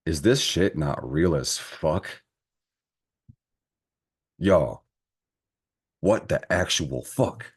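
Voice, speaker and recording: A man's voice: very deep voice, extremely slow, pauses often, slightly rough. A man giving a casual astrology and tarot reading to camera, talking in a slangy, profane, encouraging way. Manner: slangy, profane, animated pep talk.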